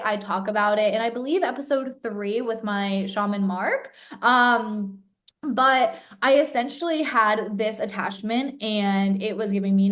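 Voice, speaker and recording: Chatty young woman with many fillers. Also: on the high side. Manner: chatty, many "like" fillers, acts out quoted voices. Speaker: podcast co-host. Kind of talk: casual podcast chat.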